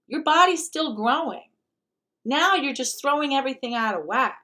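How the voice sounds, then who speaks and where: A woman with a fairly high voice gives fired-up, blunt commentary on a clip. She is emphatic and swears freely, pressing her points hard. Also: expressive, normal speed, sharp tone. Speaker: host. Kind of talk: commentary reacting to a video clip.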